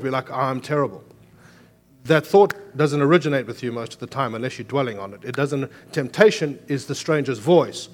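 A man preaching a sermon as pastor, moving between emphatic raised lines and quiet, earnest explanation. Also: medium pitch, fairly quick.

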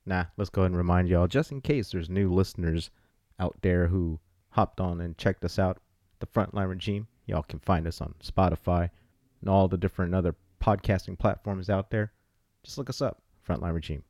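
Low-voiced guy hosting his podcast, hyped and joking around, dry close mic. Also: moderate pace, a little mellow, no room sound. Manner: hyped, playful, riffs on names. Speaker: podcast host. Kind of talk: casual podcast shout-outs.

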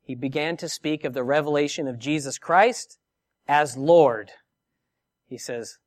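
A man's voice: a little high, unhurried. Emphatic preaching man. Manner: expressive, emphatic preaching with rhetorical questions. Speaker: pastor. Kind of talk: sermon.

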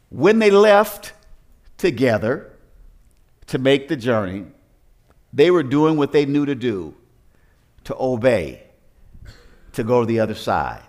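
A man's voice: mid-range voice, big pitch swings, slow, pauses often, a little mellow. A man preaching a sermon as pastor, telling the story in a conversational way with rhetorical questions and frequent restarts.

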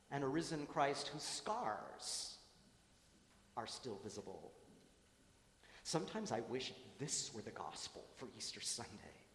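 A priest reading the gospel and preaching a homily in a measured cadence, rising into dramatic storytelling. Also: male voice, a little high, slight background noise. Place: church. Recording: echoey church with long reverb.

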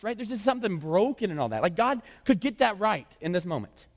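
Male pastor, fairly high voice, lively sermon delivery, long church-hall reverb. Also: quick pace. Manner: animated preaching, voice climbing high for emphasis.

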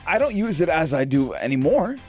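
Chatty male radio co-host, fairly high voice. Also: fairly quick, soft background music. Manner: jokey, animated, lots of fillers. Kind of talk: casual radio chat. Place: radio studio. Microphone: studio microphone.

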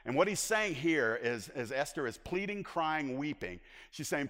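A man preaching a sermon as pastor, swinging between loud emphatic lines and hushed asides. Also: on the high side, animated, normal speed, hardly any pauses, long reverb tail.

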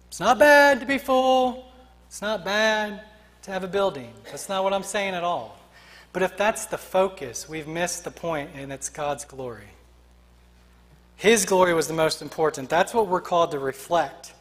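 A man's voice: high voice, a bit bright, long reverb tail. A man preaching a sermon as pastor, emphatic and rhythmic, building his points through repeated refrains.

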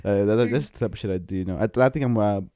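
A young man co-hosting a casual podcast chat, slangy, chiming in quickly and laughing along. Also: lowish voice, warm tone, no room sound, clean studio sound. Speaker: podcast co-host.

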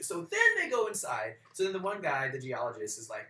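A man in his forties co-hosting a podcast, telling a story in a profane, animated rant. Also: mid-range voice, fast, few pauses, reverberant, slight background noise. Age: 40s. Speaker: podcast co-host. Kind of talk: casual chat.

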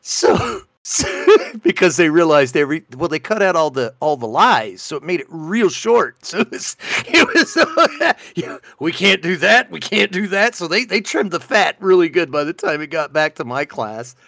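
Guy cohosting a podcast, bouncy lively voice, dry close sound, joking about himself. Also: on the high side, normal speed, no echo. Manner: animated storyteller, playful self-mocking. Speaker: podcast co-host. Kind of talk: casual comedic chat.

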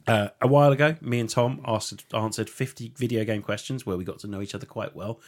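A man's voice: lowish voice, fast. A man hosting a casual podcast, jokey and loose, laughing at his own slips. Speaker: podcast host.

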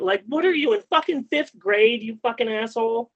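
A man with a high-pitched voice rants in a casual podcast chat. He swears freely and sounds exasperated. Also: lively intonation, normal speed, husky, dull audio. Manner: profane, exasperated ranting.

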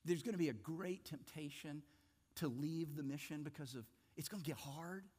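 A man preaching a sermon earnestly, dropping to a hushed tone for emphasis. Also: a little high, moderate pace, slightly rough, in a large hall. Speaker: pastor.

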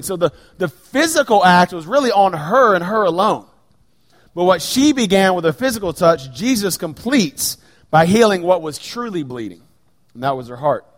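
A middle-aged man preaching a sermon in a church sanctuary, dropping to hushed, slow lines and then rising to loud, raised bursts. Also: sits high. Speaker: pastor. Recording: long reverb of a large hall.

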